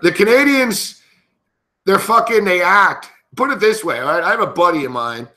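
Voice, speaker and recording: A fired-up man rants and swears his way through a sports story on a betting show. His voice sits fairly high and cuts through with a sharp, bright edge. He rambles and restarts as he gets angrier. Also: animated, normal speed. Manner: heated, swearing constantly, rambling. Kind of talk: profane storytelling rant.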